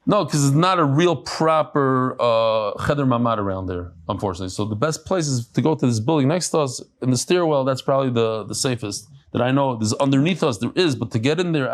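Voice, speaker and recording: Animated rabbi teaching Talmud. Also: male voice, medium pitch, fairly quick. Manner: animated, chatty explanations with asides. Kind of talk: daf yomi lecture to a live class. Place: study hall with a live audience.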